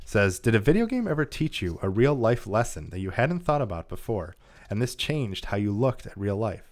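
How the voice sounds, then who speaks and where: A man's voice: on the low side, sing-song, normal speed. A man co-hosting a casual gaming podcast, reading listener mail aloud and laughing often. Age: adult father of a young child. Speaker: podcast co-host.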